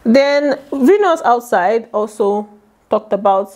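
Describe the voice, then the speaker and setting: A woman's voice: a little high, lively intonation, takes it slowly, a little mellow. A young woman, chatting directly to her viewers in a casual commentary vlog. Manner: chatty, talks straight to viewers. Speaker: YouTuber recapping a reality show.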